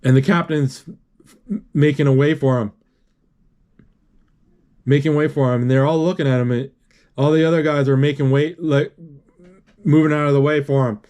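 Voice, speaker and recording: Slightly high-pitched man retelling a movie. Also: fairly even intonation, a little mellow. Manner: halting, full of restarts and "he's like", sound effects. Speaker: narrator retelling a film. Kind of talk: unscripted play-by-play retelling.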